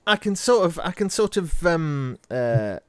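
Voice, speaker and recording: A man's voice: on the high side, very animated, a little slow, clean tone, dry recording. A man hosting a podcast, talking casually and hesitantly, with many ums and uhs. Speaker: podcast host. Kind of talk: casual chat.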